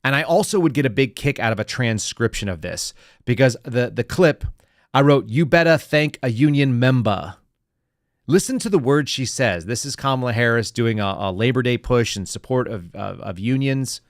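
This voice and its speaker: A man's voice: medium pitch, lively intonation, moderate pace, no room sound, studio quality. A man from the United States hosting a political commentary podcast, sarcastic and talking to his live chat. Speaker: podcast host.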